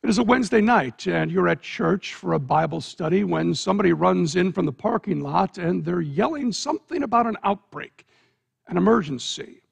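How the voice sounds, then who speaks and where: A man's voice: high voice, animated, moderate pace, vocal fry, husky. A man preaching, telling a dramatic story in the second person and building suspense.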